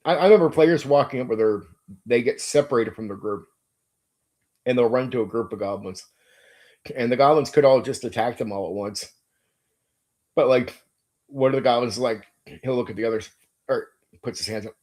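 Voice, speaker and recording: This game master and channel host has a medium-pitched, darkish voice, moderate pace and long pauses. His casual tabletop-gaming stream is enthusiastic and emphatic, full of free swearing and words repeated as he thinks aloud.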